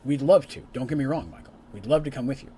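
A man voicing a level-headed adventurer who turns down an offer in a hurried, reassuring way. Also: mid-range voice, mellow, a little hiss or hum, natural voice. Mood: apologetic. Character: level-headed adventurer leader, apologetic but firm.

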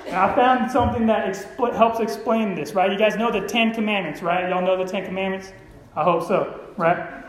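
Man, pastor, sermon, high voice, echoey church room. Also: fairly even intonation, a little fast. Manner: conversational, keeps asking the congregation "right?".

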